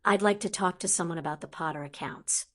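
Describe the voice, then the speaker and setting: A woman's voice: on the low side, fast talker, lightly acted. Woman doing young male wizard, wary, dry, muttering, audiobook.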